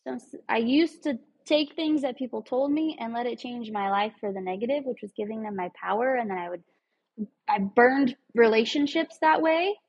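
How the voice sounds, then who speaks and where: A woman's voice: on the high side, moderate pace, darkish tone, breathy edge, dull audio. A woman speaking in an earnest, emphatic way, giving a casual motivational talk with some rambling asides.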